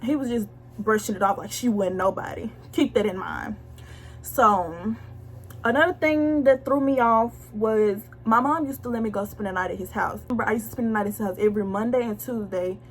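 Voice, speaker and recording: A young woman blunt, slangy and animated as she tells viewers a personal story in a casual storytime vlog. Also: mid-range voice, brisk, a little hiss or hum. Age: young adult. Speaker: vlogger telling a story.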